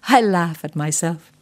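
Middle-aged woman reading a story, lowish voice, calm and kinda bitter. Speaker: narrator. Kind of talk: scripted first-person story reading.

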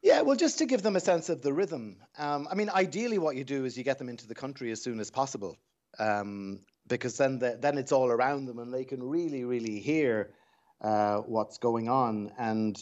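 A man's voice: mid-range voice, normal speed, a little mellow. Irish man on a dull lo-fi line. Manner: reflective, anecdotal, with frequent restarts. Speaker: dialect coach. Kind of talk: radio interview guest.

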